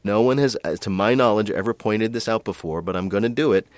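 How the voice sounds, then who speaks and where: A man co-hosting a casual chat, telling stories in an animated way and laughing often. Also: lowish voice, fast talker, no echo. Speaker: podcast co-host.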